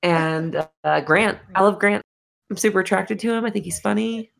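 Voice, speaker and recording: A woman's voice: medium pitch, moderate pace, vocal fry, fairly bright tone. A woman cohosting a podcast in casual chat, swearing freely, laughing often and rambling in asides. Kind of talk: casual chat recapping a dating show.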